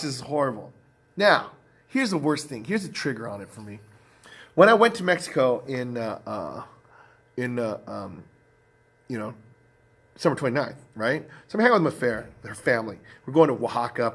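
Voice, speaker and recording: A man's voice: mid-range voice, a bit bright, breathy edge. A man with a mid-range voice talks straight to the camera. He tells a long personal story in a loose, rambling way. He stumbles through fillers and restarts as he goes. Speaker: vlogger. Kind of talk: casual storytelling vlog.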